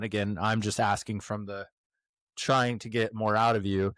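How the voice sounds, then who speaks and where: A male host with a deep voice works his way toward a question in loose, casual phrasing, with plenty of "like" and "you know". The mic is close and dry, with no room sound. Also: flat delivery, moderate pace, fairly bright tone, dry recording. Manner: loose, rambling questions with many fillers. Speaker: podcast host.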